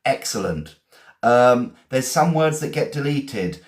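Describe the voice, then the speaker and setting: A man's voice: mid-range voice, animated, slow pace. A man from England, teaching vocabulary on a live stream, spelling words out and praising learners. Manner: encouraging, repeats and spells words. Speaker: English teacher.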